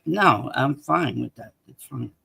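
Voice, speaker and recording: A man calling into a sports show, rambling and hesitant, with a gravelly fry in his voice. The sound is dry, over a video call. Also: medium pitch, expressive, a little slow, bright, forceful tone, no echo, low-quality recording. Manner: rambling, hesitant, full of fillers. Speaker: caller. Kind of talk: casual call-in chat.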